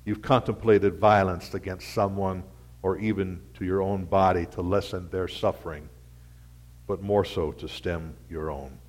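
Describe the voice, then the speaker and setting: A pastor delivers his sermon at a slow, deliberate pace, in a fairly low man's voice. He preaches in rhythmic repetitions, swelling to loud peaks and then falling to quiet, pointed asides. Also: fairly even intonation.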